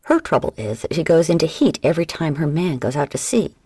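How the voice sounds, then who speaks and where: A woman's voice: low voice, lively intonation, brisk, a little mellow, breathy edge, no echo, clean studio sound. A woman voicing a crude, grinning male tavern crony who ribs his friend. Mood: mocking. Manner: mocking, crude ribbing.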